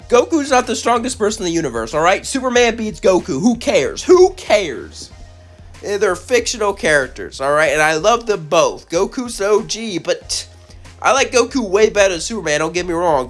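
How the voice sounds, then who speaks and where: A man hosting his own channel, telling a crossover story in a casual way and then ranting in an animated, exasperated voice, with a slight cough. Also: high voice. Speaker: channel host, narrator.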